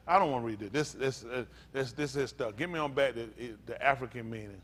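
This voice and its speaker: A male pastor preaching a teaching sermon. He talks with lively emphasis, acts out the voices he quotes, and reads aloud haltingly. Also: medium pitch, a little hiss or hum.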